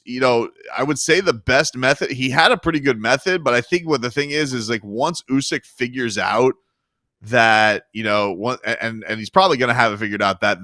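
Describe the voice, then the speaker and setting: A man's voice: medium pitch, bright, forceful tone, no room sound, studio quality. A man co-hosting a sports podcast, talking loosely with lots of fillers and restarts. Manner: rambling, many restarts and fillers. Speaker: MMA podcast co-host. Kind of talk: casual sports talk.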